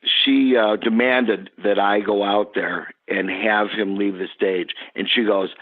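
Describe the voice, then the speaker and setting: A man, a guest on the podcast, telling an animated story about his past work. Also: lowish voice, a little slow. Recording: tinny phone line.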